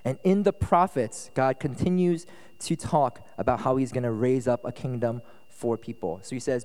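A man preaching a casual, conversational sermon as pastor at a retreat, relaxed and chatty, often checking that listeners follow. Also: medium pitch, moderate pace. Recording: echoey hall reverb.

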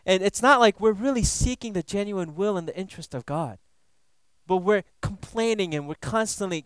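High, smooth-voiced casual preacher man. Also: moderate pace, no echo. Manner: casual, frequent "you know" and "right?" asides; playful, laughs at his own jokes. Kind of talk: conversational Bible teaching sermon.

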